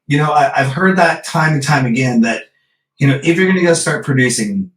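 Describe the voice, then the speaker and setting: A man's voice: a little high, a little fast. Male host, conversational questions, video call, roomy echo, off-mic. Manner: conversational, asks direct questions. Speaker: interview host. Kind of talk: casual interview chat. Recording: echoey and distant.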